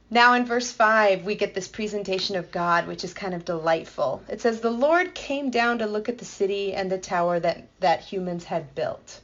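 A woman explaining a Bible passage in a playful, enthusiastic way, building excitement as she goes. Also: mid-range voice, lo-fi sound. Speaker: Bible teacher. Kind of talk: explanatory podcast talk.

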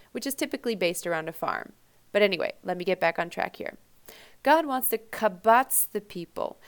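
Woman host, casual teaching commentary, playful and chatty, mid-range pitch. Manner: chatty and playful, with quick nerdy asides. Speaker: podcast host discussing a lectionary text for preachers.

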